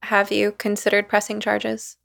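A woman hosting an interview who speaks as a clinician, measured and thoughtful in her responses. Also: mid-range voice, monotone, vocal fry, fairly bright tone. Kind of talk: conversational interview.

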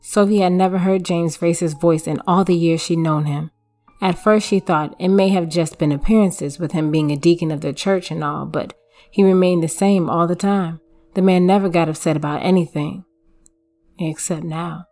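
Brief: woman story narrator, lower pitch, measured and even delivery. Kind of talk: scripted narration. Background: faint music.

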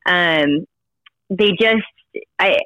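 Podcast host, casual chat, bright forward voice, dry close sound, hesitant pauses. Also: medium pitch, no room sound, muffled recording. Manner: relaxed, hesitant with many "um" pauses.

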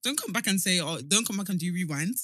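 A young woman, co-hosting a casual podcast chat, animated and teasing with lots of laughter. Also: on the low side, fast talker, dry recording, studio quality. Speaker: podcast co-host.

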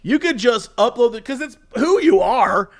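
With a very high voice at normal speed, a man co-hosts a laid-back podcast conversation. He tells stories animatedly and laughs a lot.

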